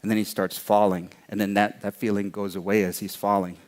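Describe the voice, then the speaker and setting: A man's voice: fairly low pitch, level tone. Man telling a traditional tale. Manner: slow, repetitive phrasing. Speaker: storyteller. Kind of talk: oral storytelling.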